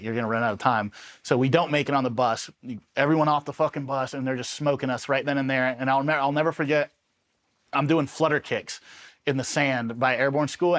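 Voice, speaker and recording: This interview guest is an ex-Army Ranger from Los Angeles, USA, recounting war stories in a relaxed, animated manner. He swears a lot, acts out quoted exchanges, and has a medium-pitched voice.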